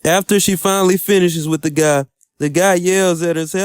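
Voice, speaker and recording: High-voiced guy doing a chill slangy anime recap, smooth clean voice, dry sound. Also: fairly even intonation, moderate pace, hardly any pauses, no room sound. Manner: laid-back slangy storytelling, upbeat. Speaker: anime reviewer. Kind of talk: casual episode recap.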